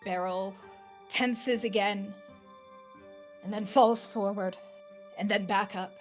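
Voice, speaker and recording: A woman's voice: medium pitch, fairly even intonation, slow pace, soft background music. A woman playing a tabletop game, describing her character's actions in a casual, playful way. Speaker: player.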